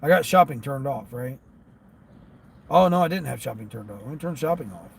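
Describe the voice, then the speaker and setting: A man who drives for delivery apps, talking casually to his viewers from his car and grumbling as he thinks out loud about the orders he gets. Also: medium pitch, lively intonation, fairly quick, creaky, husky. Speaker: gig delivery driver vlogger. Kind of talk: casual talk while driving. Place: inside a car.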